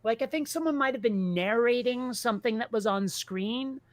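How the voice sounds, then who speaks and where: A woman co-hosting a casual talk show, blunt and animated, swearing freely. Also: a little high, normal speed, no room sound. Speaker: podcast co-host. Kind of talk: casual chat.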